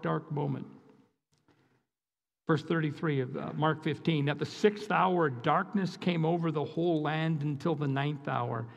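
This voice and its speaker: A man's voice: fairly high pitch, a bit bright, muffled recording. A man with an Upper Midwest American accent, preaching as a guest speaker, earnest and emphatic, often repeating his phrases. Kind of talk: sermon. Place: church sanctuary. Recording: long church hall reverb.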